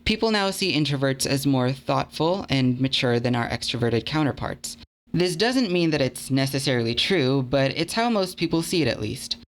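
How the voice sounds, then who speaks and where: A man's voice: mid-range voice, animated, moderate pace. Earnest young man narrating a video essay. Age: young adult. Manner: earnest, conversational, self-deprecating.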